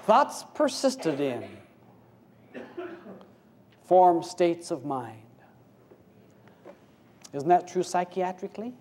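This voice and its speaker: In an informal sermon, a male spiritual teacher speaks in a folksy way packed with rhetorical questions. He alternates between hushed, low passages and louder, faster ones, with big swings in pitch.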